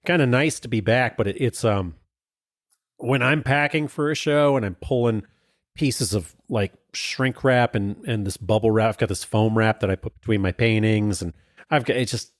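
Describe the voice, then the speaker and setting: A man's voice: fairly low pitch, normal speed, no room sound, studio quality. A middle-aged man with a slight Southern American accent, a painter hosting a podcast, bantering in an easygoing way and laughing often. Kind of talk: casual chat.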